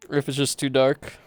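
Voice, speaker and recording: A man's voice: medium pitch, dry recording. A man chatting casually as his roleplay character, rambling with frequent laughs and playful voiced asides.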